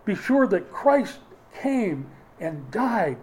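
A man's voice: sits high, big pitch swings, drawn-out words, slight background noise, rough recording. A man preaching a sermon, emphatic, with dry humorous asides. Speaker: pastor.

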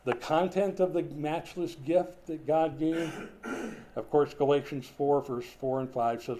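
A man's voice: on the high side, measured pace, warm tone. An older man preaching a sermon in a conversational, folksy way, with chatty asides and small jokes. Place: room with a whiteboard.

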